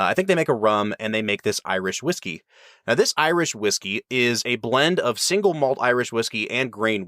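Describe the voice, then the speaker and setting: A man's voice: lowish voice, fairly bright tone, no room sound, clean studio sound. A man hosting a podcast, explaining things at length in a casual, enthusiastic way. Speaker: podcast host.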